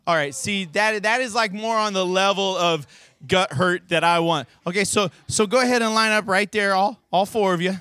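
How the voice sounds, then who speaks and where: A man's voice: sits high, moderate pace, pushed and bright, clear, resonant tone, dry recording, clean studio sound. A man leading a youth sermon, playful and goading, calling out exercise cues to volunteers before an audience.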